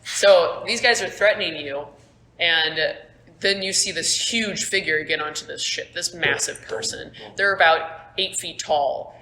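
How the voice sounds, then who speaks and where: A woman's voice: low voice, measured pace, bright, forceful tone. Young woman casually running a tabletop game. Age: young adult. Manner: casual, swearing, laughs at own slips. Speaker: game master. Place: school room. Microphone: phone. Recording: echoey room, phone, faint noise.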